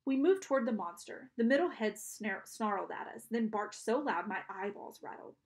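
A woman's voice: mid-range voice, expressive, moderate pace. A woman reading a storybook aloud, narrating and voicing the characters, with small restarts and self-corrections. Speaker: audiobook reader.

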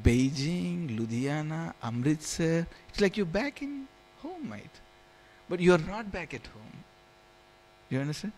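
A man teaching a scripture class in a temple hall, telling stories and often asking if listeners understand. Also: a little high. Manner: storytelling, keeps asking "you understand?", chuckles.

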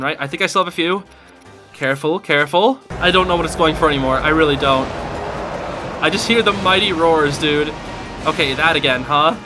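An excitable young man calls out his moves while gaming, his voice sitting high and swinging widely as he yelps through the tense moments. Game music plays clearly behind him. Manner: excitable, yelps and laughs under pressure; casual slang, says dude and bro. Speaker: gaming channel host. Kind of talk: live gameplay commentary.

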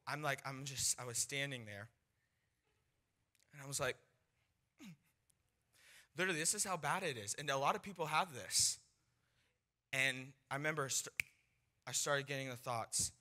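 A young man preaching, telling a personal testimony in an animated storytelling way and acting out the voices of people in his story. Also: mid-range voice, moderate pace, long pauses. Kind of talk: sermon testimony.

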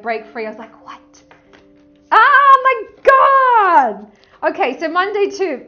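Gushing high-voiced woman. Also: lo-fi sound. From Australia. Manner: gushing, excitable, breaks into song. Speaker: tarot reader. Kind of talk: casual tarot reading vlog.

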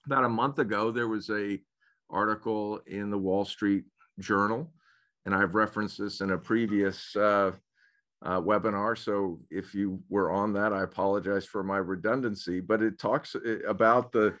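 A man's voice: lowish voice, fairly even intonation, a little slow, a bit bright. A man speaking as a school administrator in a webinar, hesitant, often repeating words and restarting phrases. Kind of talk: webinar presentation.

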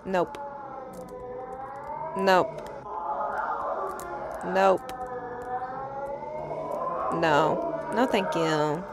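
A woman's voice: lowish voice, drawn-out words, long pauses, very noisy. A young woman giving casual, easily scared let's-play commentary, chatty and swearing, with nervous laughs. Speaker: gaming YouTuber.

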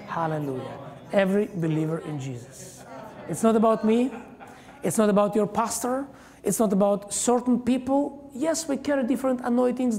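Gravelly preaching man in echoing church. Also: sits high, darkish tone. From Israel. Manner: emphatic preaching, frequent hallelujahs, halting non-native phrasing. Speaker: guest pastor. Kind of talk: sermon. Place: church hall. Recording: long reverb of a large church hall.

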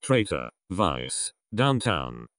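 A man reads out a vocabulary list in a deliberate, word-by-word delivery. His voice sits very low yet swings widely in pitch from word to word. The sound is dry and close, with no room around it. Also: big pitch swings, fairly bright tone, dry recording. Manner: deliberate, one word at a time with pauses. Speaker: vocabulary reader. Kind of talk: reading a word list aloud.

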